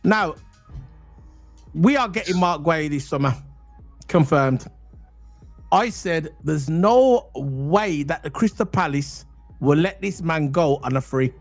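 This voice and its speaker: A man co-hosting a casual football podcast, excitable and chatty, full of slang. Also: fairly high pitch, slow, long pauses, no room sound, faint music behind. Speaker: podcast co-host.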